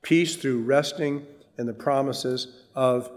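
A man preaching a sermon, earnest, lifting his voice for emphasis and dropping low for wry asides. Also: takes it slowly, big-room sound. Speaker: pastor.

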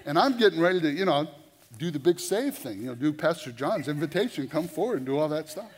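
Animated male preacher in a reverberant hall. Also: on the high side, fairly quick, slight background noise. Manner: animated, conversational, repeats words. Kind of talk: sermon storytelling. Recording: long reverb of a large hall.

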